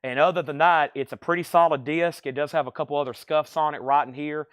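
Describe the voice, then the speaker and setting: A man's voice: a little high, fairly even intonation, fast talker, clear, resonant tone, dry recording. A man selling records on a live stream, running through prices, conditions and thanks to buyers in an easy chatty way. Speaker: record shop livestream seller. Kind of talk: live sales stream patter.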